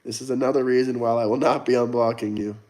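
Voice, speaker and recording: A man's voice: mid-range voice, fairly even intonation, fast, darkish tone. A young man from the United States hosting a casual livestream, reading chat and answering viewers in a blunt, argumentative, mocking way. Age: young adult. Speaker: livestream host.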